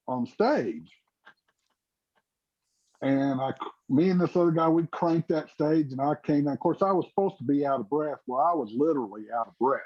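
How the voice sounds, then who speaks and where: A man's voice: mid-range voice, mellow, no room sound. A man telling an old theatre story in casual chat on a video call, laughing as he goes. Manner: chatty storyteller, laughs often. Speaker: former cast member. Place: home, mountain town. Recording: dull, dry video call audio.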